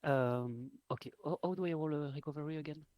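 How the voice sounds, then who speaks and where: A man playing a tabletop game over a voice call, halting as he picks abilities and asks about the rules. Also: on the high side, darkish tone, dry recording. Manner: halting, asking how the rules work. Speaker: player.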